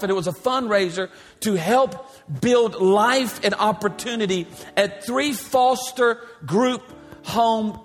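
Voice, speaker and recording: A male pastor preaches with fervor, stacking repeated refrains that swell into shouts. His voice sits very high for a man. It rings through a large sanctuary with a long echo, with soft music underneath. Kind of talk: sermon. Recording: long hall reverb, faint music.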